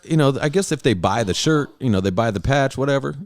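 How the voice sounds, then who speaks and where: A middle-aged man hosting a podcast, telling animated stories in casual chat and swearing freely. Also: mid-range voice, fast talker, no room sound. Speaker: podcast host.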